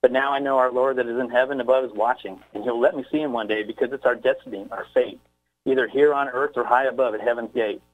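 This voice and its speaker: A man of middle pitch reads his own heartfelt poem as a radio guest, his voice rising with feeling. He speaks hesitantly when not reading and reaches for words. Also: fairly even intonation, fast talker, narrow, tinny audio. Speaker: poet guest. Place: Texas, by phone into a radio show.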